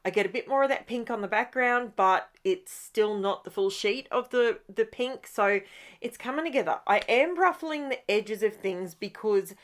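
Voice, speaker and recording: A woman's voice: a little high, normal speed. A woman hosting a crafting video, chatting casually as she works and often wandering off track. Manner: rambling, self-interrupting, chatty. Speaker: crafting channel host.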